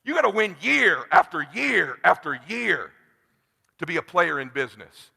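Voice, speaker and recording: Gravelly, bright man pushing hard in a hall. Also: high-pitched, very animated, moderate pace. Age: 40s. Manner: blunt, swings from hushed to shouting. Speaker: sales trainer. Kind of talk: motivational seminar speech. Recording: long hall reverb.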